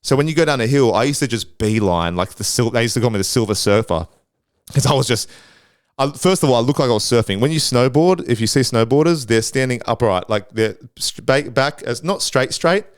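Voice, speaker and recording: A man's voice: mid-range voice, animated, a little fast, clean tone, no room sound, studio quality. A young man telling a rambling, swear-filled story on his solo podcast, acting out his own panicked noises. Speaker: podcast host.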